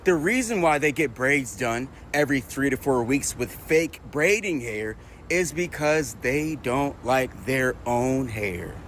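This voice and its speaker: A man's voice: mid-range voice, expressive, measured pace, fairly bright tone, a little hiss or hum. Matter-of-fact man explaining outdoors. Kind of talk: explaining to camera.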